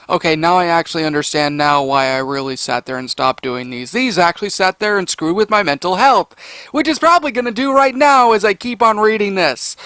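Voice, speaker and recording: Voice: mid-range voice, pushed and bright, clean tone, no echo. A story reader giving comedic commentary in a rambling, sarcastic way, full of fillers and restarts.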